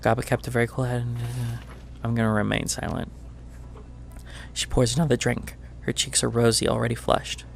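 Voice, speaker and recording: A man narrating a tabletop game as game master, in a gravelly, medium-pitched voice. He describes each scene as he goes, often tripping over words and correcting himself. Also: completely flat delivery, fairly quick, hardly any pauses, slight background noise. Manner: descriptive narration with frequent stumbles and self-corrections.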